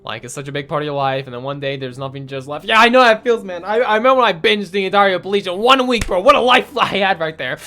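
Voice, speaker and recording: A man commentating on a visual novel as a let's-play host, excitable and sniffly after crying, swearing freely and reading lines aloud. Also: high-pitched, quick pace, few pauses. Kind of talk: emotional game commentary reading dialogue aloud.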